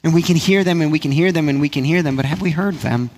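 A man, a pastor, preaching a sermon in a conversational way, repeating phrases and dropping to a hush for emphasis. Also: on the high side, a little hiss or hum. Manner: conversational preaching with frequent repetition and "right?" asides; drops to a hushed, slow voice for emphasis.

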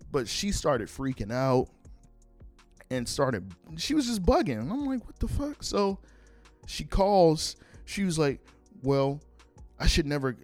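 A young man hosting a podcast, telling a personal story casually, swearing and acting out what people said. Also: medium pitch. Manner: animated, swears freely, acts out quoted lines. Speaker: podcast host.

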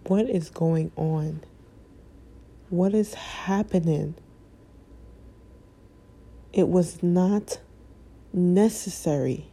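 A woman speaking in an emotional personal vlog, halting and impassioned, close to tears. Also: on the low side, steady tone, gravelly, dark tone, breathy edge. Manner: halting, impassioned, breaking off mid-sentence.

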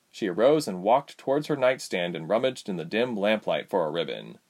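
A man reading a fantasy story aloud as narrator. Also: on the low side.

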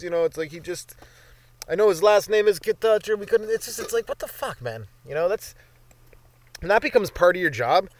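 A man's voice: high voice, expressive, fairly quick, no room sound. A young Canadian man hosting a comedy podcast, rambling through a profane solo monologue and slipping into silly voices. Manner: profane, jumps between bits and silly voices. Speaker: podcast host.

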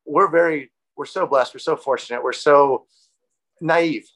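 Rambling man guest, halting and full of fillers. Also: a little high, a bit bright, poor audio. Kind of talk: casual interview talk.

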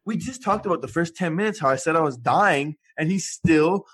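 A young man co-hosting a podcast, tipsy and slurring, bantering loudly with laughs and swearing. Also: a little high, expressive, fairly quick, a crowd in the background. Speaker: podcast co-host. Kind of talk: casual chat.

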